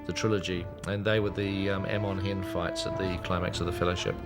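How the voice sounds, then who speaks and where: A man in a documentary interview, recalling filming in a hesitant way with many pauses and fillers. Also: deep voice, flat delivery, loud music behind the voice. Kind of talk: casual interview recollection.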